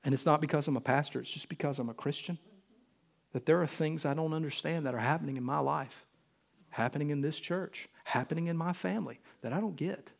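Earnest male pastor preaching, raised pitch. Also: fairly quick, creaky. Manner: earnest, swings between loud urgency and quiet intimacy. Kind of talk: sermon.

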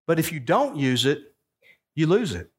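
Male preacher, 60s, slightly high voice, storytelling sermon, acts out dialogue, emphatic peaks. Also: sing-song, moderate pace, husky. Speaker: pastor.

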